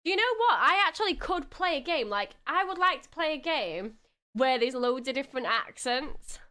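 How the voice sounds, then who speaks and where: A woman chatting on a live stream in a put-on Scottish accent, excitable, swearing freely and laughing often. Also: high voice, moderate pace. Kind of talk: casual live-stream chat.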